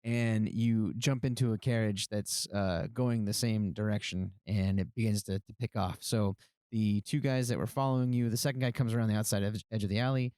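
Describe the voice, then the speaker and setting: A man narrating a tabletop game as game master, relaxed and hesitant, with many fillers. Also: lowish voice, moderate pace, clean tone, no room sound, studio quality.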